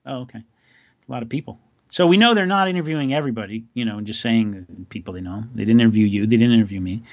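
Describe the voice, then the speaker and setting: A man's voice: medium pitch, fast, no room sound, muffled recording. A man hosting a podcast, telling stories in a loose, rambling, wry way. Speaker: podcast host. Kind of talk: casual chat.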